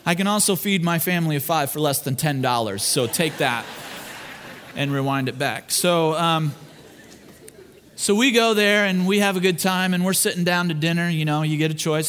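Male pastor, higher voice, warm storyteller who acts out voices, then an earnest prayer. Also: moderate pace. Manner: turns hushed and earnest in prayer. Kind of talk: sermon with family storytelling. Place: church service.

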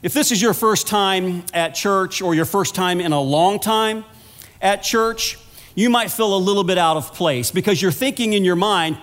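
A man's voice: high voice, normal speed, fairly bright tone, long reverb tail. A man preaching a sermon as a church minister, telling a story in an earnest, conversational way. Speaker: minister of pastoral care.

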